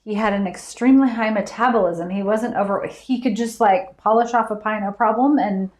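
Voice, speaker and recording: A woman hosting a live trivia stream, chatty and quick to laugh as she reads out viewers' answers. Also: mid-range voice, darkish tone, reverberant. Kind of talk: casual live-stream chat.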